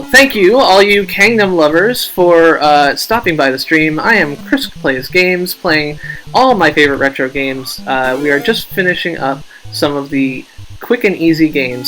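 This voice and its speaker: A man's voice: a little high, a bit bright, rough recording. A man hosting a casual game live stream, rambling, joking at his own expense and reading out viewer names.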